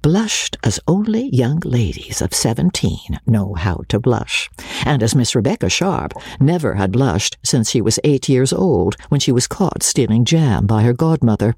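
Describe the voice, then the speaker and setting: A man narrating a classic novel in a breathy voice, often sinking to a near-whisper. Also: medium pitch, very animated, a little slow, a little mellow, no room sound, studio quality. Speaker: audiobook narrator. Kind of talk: storybook narration.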